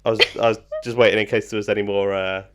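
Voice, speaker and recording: A man's voice: lowish voice, little pitch movement, fast talker. A man co-hosting a podcast, reading out trivia in a casual, joking way with plenty of ums. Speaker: podcast co-host. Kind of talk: casual chat.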